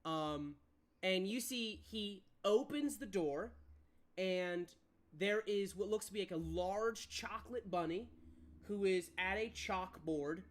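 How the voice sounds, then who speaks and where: A man's voice: high voice, slow pace. Man, game master, tabletop narration, hesitant, casual. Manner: hesitant, lots of fillers and restarts, casual.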